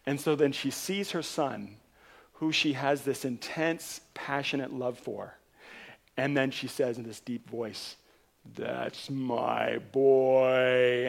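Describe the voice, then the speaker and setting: Preaching as a pastor, a man with a slightly high voice recounts a story with animation, repeating key points emphatically to drive them home.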